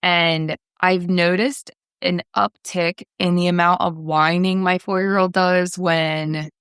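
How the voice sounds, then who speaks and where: A woman's voice: on the low side, level tone, slow pace, fairly bright tone, smooth, dry recording, clean studio sound. A young woman calling in as a parent, talking earnestly and a little hesitantly. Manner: earnest, hesitant, many fillers. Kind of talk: casual chat.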